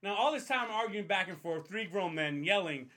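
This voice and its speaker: Here a young man with a high voice talks at a normal pace, telling his friends a long story on a podcast. His delivery is casual, profane and animated, and he acts out everyone's voices.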